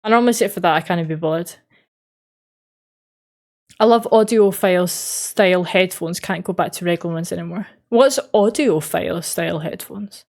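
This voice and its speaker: A woman's voice: fairly low pitch, a little fast, creaky, hardly any pauses, darkish tone. An Australian woman streamer in casual chat, reading out and answering live chat messages in an easygoing way with frequent laughs.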